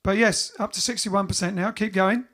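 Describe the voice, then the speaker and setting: A man's voice: sits high, fairly even intonation, moderate pace, fairly bright tone. A man from England hosting a live stream, chatting casually and reading out viewer comments with jokes. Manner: chatty, jokey, reads comments aloud.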